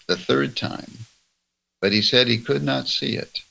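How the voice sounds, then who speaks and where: A man leading a church roundtable, reading religious passages aloud in a slow, measured way. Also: mid-range voice, creaky, bright, forceful tone, low-quality recording. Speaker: church discussion leader. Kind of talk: reading and discussing religious texts.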